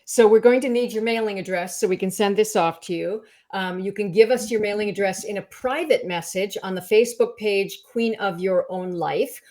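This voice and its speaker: A woman co-hosting a live talk show over a video call, upbeat and brisk as she runs giveaways and chats. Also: mid-range voice, a little mellow. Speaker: co-host. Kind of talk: casual chat.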